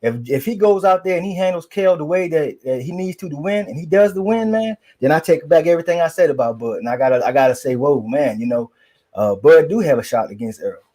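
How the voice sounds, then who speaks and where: Male boxing pundit with a fairly high voice, loose and rambling. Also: expressive, brisk, warm tone. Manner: rambling, fillers, slangy. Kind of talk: casual boxing chat.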